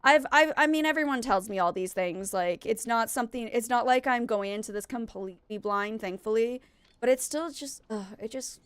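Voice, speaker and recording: Candid young woman streamer, fairly high voice. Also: clear, resonant tone, no echo. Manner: candid, emotional venting with many restarts. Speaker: game streamer. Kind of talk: casual chat with viewers while gaming.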